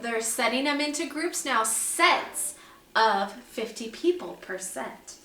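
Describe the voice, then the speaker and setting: A woman teaching a Bible lesson to young children, explaining slowly and clearly and asking them questions. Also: high voice, bright, forceful tone, roomy sound. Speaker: second grade teacher.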